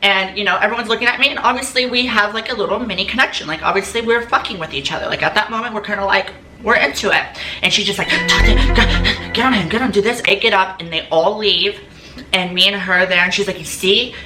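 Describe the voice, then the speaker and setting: A woman's voice: mid-range voice, quick pace, over music. A young woman telling a casual storytime monologue as a vlogger, chatty and full of fillers, acting out the quoted lines. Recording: echoey room, faint background noise.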